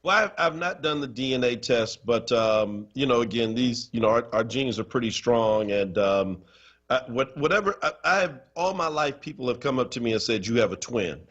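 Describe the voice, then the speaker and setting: A man's voice: mid-range voice, moderate pace. A man co-hosting a talk radio show, telling stories and teasing his co-host playfully. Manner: animated storyteller, playful teasing. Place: radio studio. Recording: dull lo-fi stream audio.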